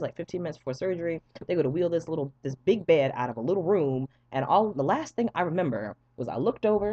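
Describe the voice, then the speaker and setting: A young man telling a wild personal story to camera in a casual, animated way, acting out the voices of the people in it and swearing freely. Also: a little high, lo-fi sound. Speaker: vlogger.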